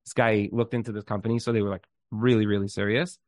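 A man giving an inspirational talk, telling a story in an animated way and often restarting his words. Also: fairly low pitch, fast talker, dry recording.

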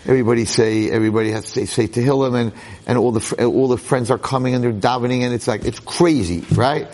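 A man giving a storytelling talk, animated and acting out voices, sprinkling in Yiddish and Hebrew words. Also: mid-range voice, fast talker. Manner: peppers his speech with Yiddish and Hebrew words. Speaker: lecturer.

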